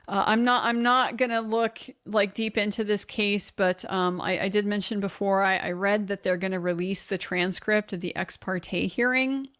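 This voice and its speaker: A woman hosting a live legal commentary stream, reading viewer comments aloud and answering them in a conversational, opinionated way with frequent restarts. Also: medium pitch. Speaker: legal commentary livestream host.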